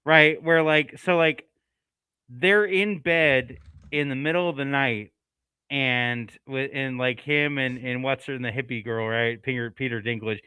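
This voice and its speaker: A man's voice: mid-range voice, fairly even intonation, unhurried, pushed and bright, clear, resonant tone, no room sound. A man co-hosting a casual movie podcast, telling his thoughts in a rambling, self-correcting way. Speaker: co-host.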